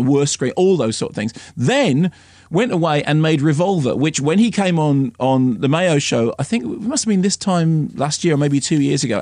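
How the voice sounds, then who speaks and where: A man with a fairly high voice gives a radio film review. He is opinionated and lively, and he drops into quick impressions. His studio mic sounds close and dry. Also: no room sound. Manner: opinionated, lively, mimics voices mid-sentence. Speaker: film critic.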